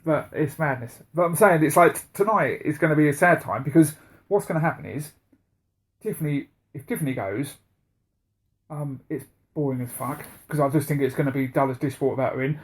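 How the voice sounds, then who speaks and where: A man co-hosts a podcast, chatting casually with blunt, sweary talk and frequent laughter. His voice is on the high side and brisk.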